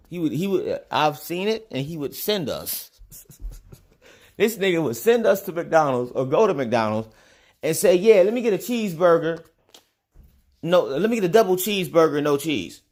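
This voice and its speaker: A man's voice: fairly high pitch, a little mellow. A man hosting a casual livestream who tells rambling, profane stories in a loose, offhand way. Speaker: livestream host and spiritual teacher.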